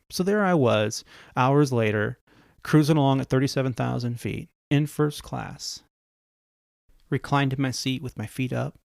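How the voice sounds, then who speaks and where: A podcast host who also works as an airline pilot tells stories in a relaxed, chatty way, voicing the other characters himself. His voice sits in the mid range with some vocal fry. The recording is studio quality with no room sound.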